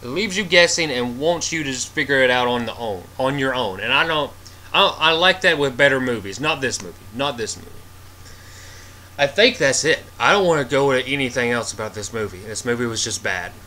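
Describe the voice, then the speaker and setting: A man's voice: medium pitch, animated, a little fast, sharp tone. A man giving a casual, rambling movie review, exasperated and full of filler words.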